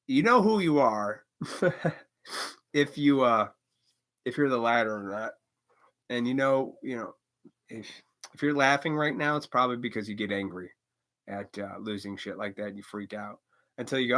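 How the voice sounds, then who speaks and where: A man's voice: mid-range voice, normal speed, fairly bright tone. A man hosting a live stream, rambling casually with profanity and chuckles, now and then acting out quoted voices.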